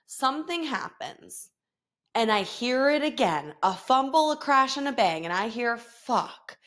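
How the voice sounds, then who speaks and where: A woman's voice: high voice, sing-song, normal speed, fairly bright tone. A woman in her thirties hosting a podcast, chatting frankly with frequent swearing and laughter. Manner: frank, profane, laughs often. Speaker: podcast host. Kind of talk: casual confessional chat.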